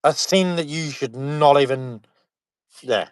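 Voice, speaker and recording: Rambling high-voiced Australian man. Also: slow, clear, resonant tone, no room sound. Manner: rambling, emphatic, many fillers. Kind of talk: casual monologue to camera.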